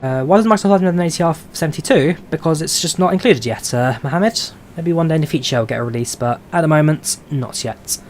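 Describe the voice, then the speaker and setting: He talks quickly with hardly any pauses, his voice on the high side and a little mellow. A flight sim streamer from London, England, he chats casually on a live stream while flying, reading out viewer questions and answering with many "uh"s in a London accent. A little hiss or hum is present.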